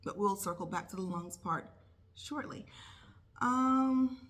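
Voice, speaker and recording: A woman's voice: medium pitch, slow pace, a bit bright. Chatty woman telling a story. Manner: chatty, acts out her own thoughts in quotes. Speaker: nurse vlogger. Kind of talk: casual storytelling vlog.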